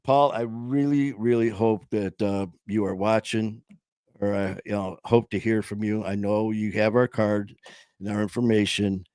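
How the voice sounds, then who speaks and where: Man, low-ish voice, livestream host, earnest, rambling, restarts a lot, home studio, dry close sound. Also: fairly even intonation, unhurried, a little mellow, clear, resonant tone, no room sound. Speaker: host of a sobriety support livestream. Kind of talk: casual storytelling to viewers.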